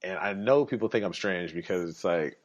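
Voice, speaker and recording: A man's voice: low-pitched, lively intonation, brisk. A young adult man hosting a podcast, talking in a casual monologue. He is blunt, sarcastic and swears freely. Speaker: podcast host. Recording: dull lo-fi recording.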